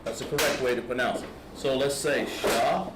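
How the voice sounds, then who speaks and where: A man's voice: mid-range voice, moderate pace. Man teaching letters in an echoey room. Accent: Southern American. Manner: patient, step-by-step explaining. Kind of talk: classroom instruction. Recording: echoey room with background noise.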